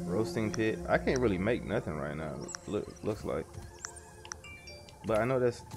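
Jumpy streamer man, lively low voice. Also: moderate pace. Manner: jumpy, swears and laughs when startled; casual slang, addresses viewers as bro and y'all. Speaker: gaming streamer. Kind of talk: casual gameplay commentary. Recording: game music in the background.

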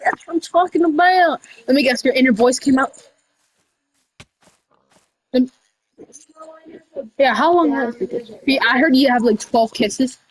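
A woman doing casual game role-play over voice chat, rambling with restarts and breaking into sudden high shouts. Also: measured pace, long pauses, slightly rough, dry recording, rough recording. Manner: rambling, with many restarts and y'all. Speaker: roleplayer running a candy store character.

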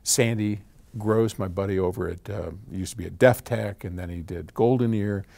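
A man's voice: on the low side, moderate pace, gravelly, a little mellow. An older man casually answering a viewer's question, chatty and prone to tangents. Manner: chatty, wanders off on tangents, laughs at himself. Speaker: audio company founder answering viewer questions. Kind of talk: casual chat.

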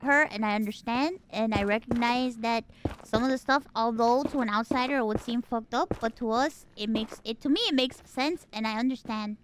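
High bright-voiced girl streamer just chatting, swears a lot, faint hiss behind. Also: moderate pace. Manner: animated storytelling, acting out her mom; swearing freely. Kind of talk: casual chat.

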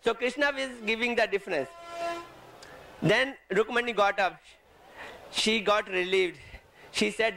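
A man, translating a devotional talk into as he retells a sacred story, often halting and rephrasing mid-sentence. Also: sits high, gravelly, sharp tone, poor audio.

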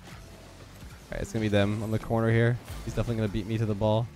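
A young man with a stuffed-up, nasal voice, giving quick, focused play-by-play commentary on his own game. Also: on the low side, flat delivery, darkish tone, faint music behind. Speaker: gaming YouTuber. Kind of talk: live gameplay commentary.

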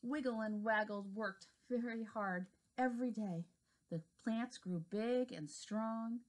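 A woman preschool teacher reading a children's storybook aloud with an expressive, animated delivery. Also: fairly high pitch, slow.

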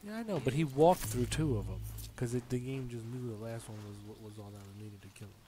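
A man's voice: mid-range voice, brisk, mellow. A man casually chatting and joking while playing a game with his partner, teasing her playfully. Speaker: co-host of a family let's play. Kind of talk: casual couple gaming chat.

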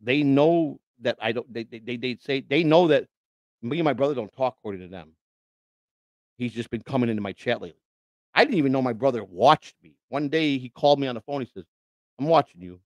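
A middle-aged man holds forth on his livestream in an indignant, rambling rant. He stumbles through restarts and swings from loud outbursts to low mutters, in a mid-pitched voice recorded close and dry. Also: a little fast, no room sound, lo-fi sound. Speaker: livestream host. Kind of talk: ranting livestream monologue.

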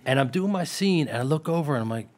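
A man's voice: fairly high pitch, quick pace. A man who is a guest on a podcast, telling an anecdote in casual chat and acting out what others said. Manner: animated storyteller acting out quotes.

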